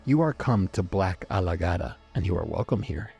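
A man's voice: low voice, lively intonation, a little fast, gravelly, dark tone, husky, muffled recording, soft background music, exaggerated voice. A man voicing the strong, ringing, mocking voice of a haunted underground vault in a storybook reading. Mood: sneering, beckoning. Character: booming sinister voice of a haunted vault.

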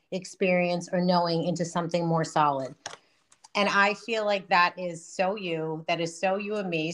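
A woman hosting a spiritual podcast over a remote call, bubbly and effusive, laughing often. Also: fairly low pitch. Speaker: podcast host. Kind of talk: casual spiritual podcast chat.

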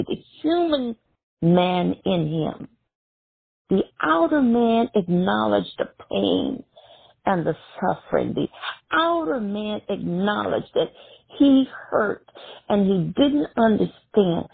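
Woman preacher, unhurried and husky, dry tinny phone-line sound. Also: big pitch swings, no echo. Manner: slow, emphatic preaching with sudden high rises. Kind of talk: sermon.

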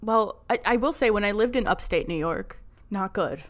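A woman's voice: mid-range voice, normal speed. Upbeat woman with a New Jersey accent. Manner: upbeat, agreeable, laughs easily. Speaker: podcast co-host. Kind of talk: casual chat.

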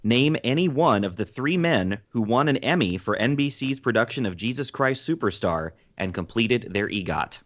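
A man reading out trivia questions on a podcast, measured and deliberate. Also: mid-range voice, lively intonation, a bit bright. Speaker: trivia quizmaster. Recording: dull lo-fi sound.

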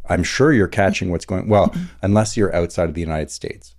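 A man's voice: deep voice, fairly quick, a little mellow, a little hiss or hum. A man co-hosting a podcast, chatting casually and making wry, dry jokes. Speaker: podcast co-host. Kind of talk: casual chat.

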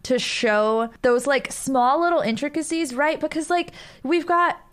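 A woman's voice: high-pitched, unhurried. A woman hosting a casual interview, upbeat and encouraging as she asks questions. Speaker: host, interviewer.

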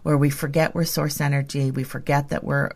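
A woman co-hosting a spiritual podcast, talking in a gentle, flowing, reassuring way. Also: low voice, little pitch movement, a little fast, gravelly. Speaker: podcast co-host. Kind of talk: casual spiritual chat.

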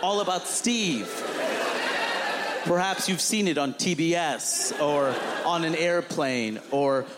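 A male stand-up comedian tells a story on stage, animated and exasperated, with a slightly raised pitch. His voice rings with a long hall reverb, and the room and audience laughter can be heard clearly behind him. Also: takes it slowly, a loud crowd, heavy background noise. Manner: animated, exasperated, acts out quotes.

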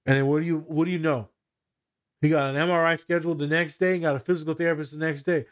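A man's voice: fairly high pitch, quick pace. A man hosting a casual podcast discussion, a social worker telling candid, profane stories. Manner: candid, profane, animated storytelling.

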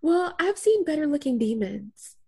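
Gravelly-voiced giggly woman co-host. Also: high voice, very animated, moderate pace, darkish tone. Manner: giggly, gushing, slangy. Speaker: podcast co-host. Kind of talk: casual chat.

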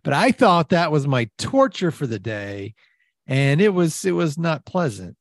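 A co-host in animated banter, his pitch leaping up and down as he teases the guest. The sound is close and dry, with no room around it. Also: dry recording. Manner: animated, teasing, quick to laugh. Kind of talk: improvised comedy banter.

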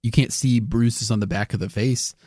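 A man co-hosting a podcast in casual chat, reasoning through a point with halting restarts and some laughter. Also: medium pitch, steady tone, a little mellow, no room sound, studio quality. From United States. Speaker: podcast co-host.

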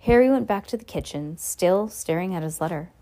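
A woman's voice: on the low side, brisk. A young woman reading a novel aloud in a casual way, breaking off for chatty, playful asides. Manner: relaxed, chatty, with playful comments. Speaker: reader.

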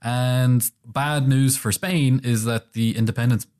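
A man's voice: mid-range voice, fairly even intonation, measured pace, darkish tone. A man with an Irish accent co-hosting a podcast, chatting casually, laughing often and swearing in banter. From Ireland. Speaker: podcast co-host.

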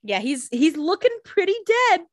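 A woman's voice: high-pitched, sing-song, normal speed, no room sound. A woman co-hosting a casual chat, adding sarcastic jokes and laughing often. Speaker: podcast co-host.

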